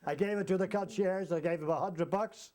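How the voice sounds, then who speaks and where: A male storyteller spinning a funny travel yarn, his voice sitting high for a man. He tells it in a lively way and chuckles at his own tale as he goes. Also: fairly quick, slight background noise. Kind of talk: comic anecdote told to an audience.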